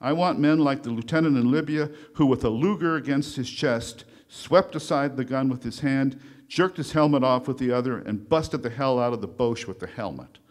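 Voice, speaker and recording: A man reciting the speech of a gruff, profane army general rallying his troops, booming and blustering as he declaims it. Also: normal speed, lightly acted. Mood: fierce, rousing. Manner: booming, blustering and crude, barking orders.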